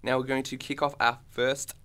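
A man's voice: medium pitch, level tone, moderate pace, fairly bright tone, clear, resonant tone. A man co-hosting a casual comedy chat show, dry and teasing, poking holes in his partner's logic. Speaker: co-host.

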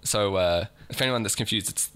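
A man's voice: on the low side, fairly quick, a bit bright, smooth. A man co-hosting a podcast in casual chat, asking dry, teasing questions. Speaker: podcast co-host.

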